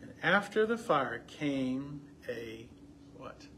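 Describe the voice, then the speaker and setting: A man's voice: a little high, animated, measured pace, fairly bright tone, a little hiss or hum. A man leading a Bible study, asking the group questions and reading passages aloud with rising emphasis. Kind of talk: conversational Bible teaching.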